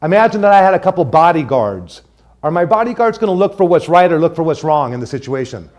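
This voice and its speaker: An energetic male trainer lectures a classroom, calling out questions and drawing the group into repeating his key phrases. His voice sits a little higher than most men's. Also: quick pace, lo-fi sound. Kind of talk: classroom lecture with call-and-response.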